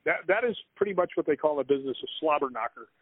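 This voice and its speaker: A man with a fairly high voice spins a rambling story as an interview guest and laughs between the lines. The sound is thin and phone-like, with a dry, close feel. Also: animated, very fast, slightly rough, dry recording. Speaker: guest author.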